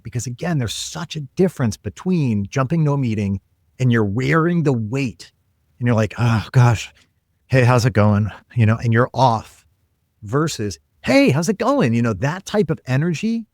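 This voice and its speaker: A man telling work stories as a podcast guest, earnest and energetic, acting out quoted lines. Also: mid-range voice, moderate pace, no echo, studio quality. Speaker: guest, tech leader. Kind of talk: conversational podcast storytelling.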